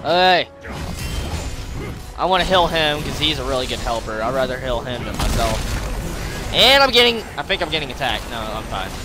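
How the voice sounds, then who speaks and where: A young man giving casual, excitable commentary over his own gameplay, rambling and swearing as the game turns. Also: mid-range voice, moderate pace, long pauses, over music.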